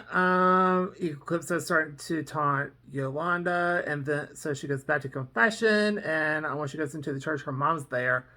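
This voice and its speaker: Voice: mid-range voice, sharp tone. A casual reviewer recapping a TV episode in a rambling way, full of "um" and "and so", and acting out the characters' lines. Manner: rambling, with many ums and "and so"; acts out characters' lines in quotes. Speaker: TV reaction reviewer.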